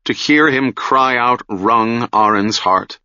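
A man reading a fantasy novel aloud in a measured, solemn manner, recorded close on a dry mic with a dull lo-fi sound. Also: medium pitch, pushed and bright, clean tone, no room sound. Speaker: audiobook narrator. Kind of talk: scripted fantasy narration.

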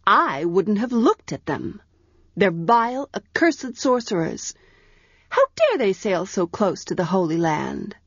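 A haughty, fierce young priestess girl from a storybook, read out by a woman. She speaks with scorn, slowly and deliberately, pitched a little above the reader's own voice. The recording is dull and dry. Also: big pitch swings, no room sound, heavily acted. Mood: scornful.

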